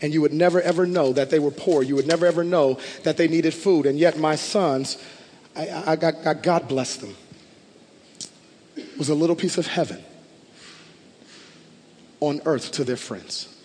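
A man preaching a sermon as a pastor, impassioned and building to loud declarations. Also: a little high, moderate pace, pauses often, a little hiss or hum. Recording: long hall reverb.

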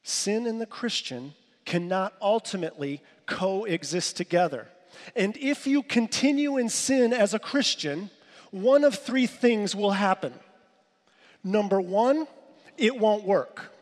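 A man's voice: high-pitched, lively intonation, a little slow, in a large hall. A man preaching as a pastor, emphatic and repeating his key phrases for weight. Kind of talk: sermon.

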